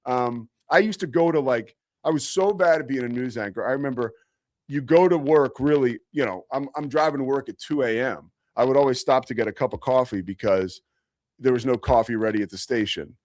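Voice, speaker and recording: A man's voice: medium pitch, brisk, darkish tone, no echo, clean studio sound. A man hosting a sports talk show, telling a story in a rambling, self-mocking way with lots of fillers. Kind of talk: casual storytelling monologue.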